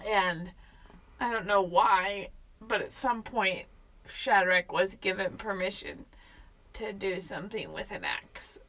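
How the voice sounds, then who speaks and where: A woman co-hosting a podcast, chiming in with quick jokes in casual chat. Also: mid-range voice, big pitch swings, fairly bright tone, low-quality recording. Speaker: podcast co-host.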